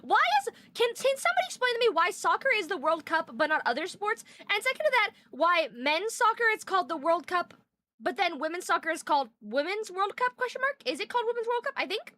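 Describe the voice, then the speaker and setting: A young woman streamer chatting fast and bubbly with her live chat, greeting viewers. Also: very high voice, very animated, pushed and bright, no room sound, clean studio sound. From Canada.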